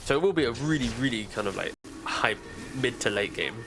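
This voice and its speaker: A man's voice: medium pitch, animated, a little fast, over music. A man commentating live esports, giving casual, chatty analysis in a broadcast booth on a headset mic.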